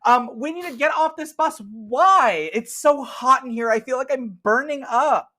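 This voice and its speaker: A woman's voice: high voice, normal speed, bright, forceful tone, voice pushed up. A woman voicing Elizabeth, a panicky young woman who feels overheated and frantic.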